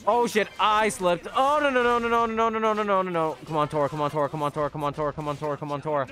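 A young man streaming live gameplay, talking excitably to his viewers, swearing often and yelling at the game. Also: high voice, fast talker.

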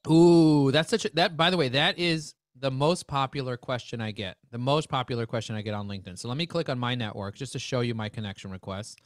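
Energetic joking man presenting a webinar. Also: mid-range voice, brisk, few pauses, no echo, studio quality. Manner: energetic, joking salesman patter.

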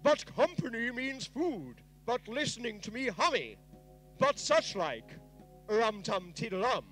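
A man's voice: extremely high pitch, very animated, unhurried, sharp tone, faint music behind, heavily acted, poor audio. A man voicing a goofy talking sausage in a live comic story reading.

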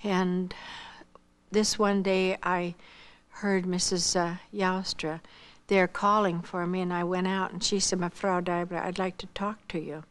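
A woman's voice: fairly low pitch, flat delivery, unhurried, smooth. A woman giving a spoken missionary testimony, telling her story earnestly and quoting the dialogue.

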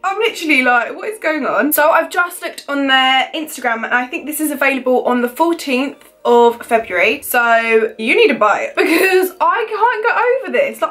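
Woman, beauty vlogger, casual chat to camera, high-pitched, excitable, gushing.

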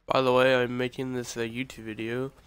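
The gamer's voice is medium-pitched, level, brisk, and fairly bright, sounding clean with no echo despite being recorded on a phone over noisy game audio. Streaming a shooter, he chats casually, pokes fun at himself, and vents exasperated outbursts at his teammates.

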